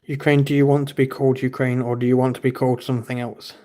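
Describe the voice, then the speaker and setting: An Englishman hosts a casual livestream, reading his viewers' chat out loud and firing back blunt, teasing replies. His medium-pitched voice is mellow and fast, with a flat delivery.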